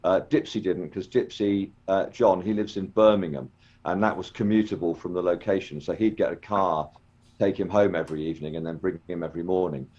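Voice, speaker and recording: Older guy, low voice, muffled lo-fi sound, rambles on with lots of ums. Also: fairly quick, a little mellow. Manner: rambling, hesitant, many ums and restarts. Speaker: interview guest, former children's TV actor. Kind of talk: casual storytelling interview. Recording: dull lo-fi call audio.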